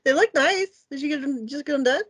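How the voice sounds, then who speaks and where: A woman's voice: high-pitched, fairly quick, a bit bright. A middle-aged woman who is a guest on a podcast, chatting candidly and laughing often. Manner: candid, giggly, frequent laughter. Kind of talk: casual chat.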